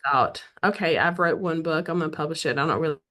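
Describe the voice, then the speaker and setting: A middle-aged woman from the American South with a Southern accent, telling the story of how she became a romance author in a casual interview, acting out quoted dialogue and often clearing her throat. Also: deep voice, quick pace, a bit bright.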